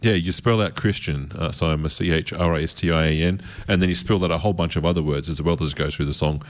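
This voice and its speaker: A man's voice: deep voice, fast. A man co-hosting a radio show, chatting casually and reminiscing with easy laughs. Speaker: radio co-host. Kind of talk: casual chat.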